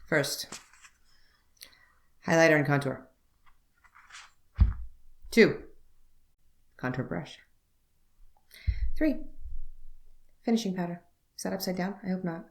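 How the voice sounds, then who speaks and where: A young woman beauty vlogger telling a story to camera, wry and animated, acting out both sides of a conversation. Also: on the low side, slow pace, creaky, long pauses.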